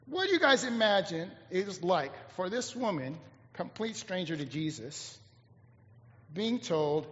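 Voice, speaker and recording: A man with a very high voice preaches a lively sermon, acting out the voices of the people in his story. The sound is dull and muffled, with long reverb from a big hall. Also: moderate pace. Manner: animated storytelling, acting out both sides of dialogue. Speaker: pastor. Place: church hall.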